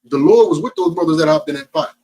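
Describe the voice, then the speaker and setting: A man's voice: fairly high pitch, fast, darkish tone, rough recording. A man with a New Jersey accent preaching to a group in an emphatic, streetwise, slangy way.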